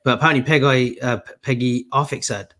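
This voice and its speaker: Liverpool bloke cohosting a footy podcast, talks fast, teasing and chatty. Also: male voice, medium pitch, fairly even intonation, a bit bright. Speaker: podcast co-host. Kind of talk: casual football chat.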